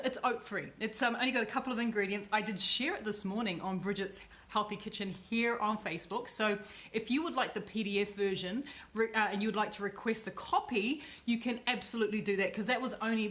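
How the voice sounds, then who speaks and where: A woman's voice: mid-range voice, a bit bright. A woman hosting a chatty livestream cooking demo, bubbly and effusive, often repeating herself. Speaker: cooking show host.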